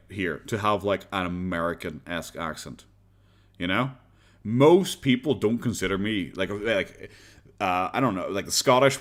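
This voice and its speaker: A man's voice: on the low side, fairly bright tone. Rambling Northern Irish-born streamer guy. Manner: rambling, chuckling, blunt and profane. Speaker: live streamer. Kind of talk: casual live-stream chat answering viewers.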